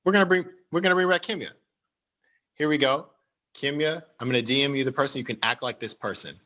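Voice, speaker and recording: A man's voice: medium pitch, quick pace, pushed and bright, muffled recording. A man hosting an online party game over a video call, with an upbeat, announcer-like delivery. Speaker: game host.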